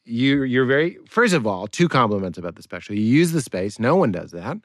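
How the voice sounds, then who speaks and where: A man, a comedian guest in a casual podcast chat, animated and often laughing. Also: mid-range voice, fairly quick, no echo, clean studio sound.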